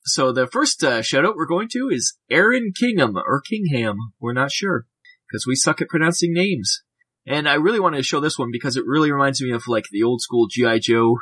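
A man's voice: mid-range voice, lively intonation, brisk, fairly bright tone, husky, dry recording. Chatty man on a dry podcast mic. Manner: rambling, filler-heavy, jokey. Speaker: podcast co-host. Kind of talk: casual hobby chat.

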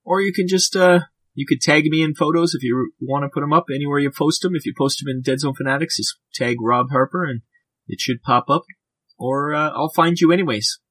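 A man's voice: a little high, a little fast, a bit bright, husky, no room sound. Chatty man on a dry podcast mic. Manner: rambling, filler-heavy, jokey. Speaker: podcast co-host. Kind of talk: casual hobby chat.

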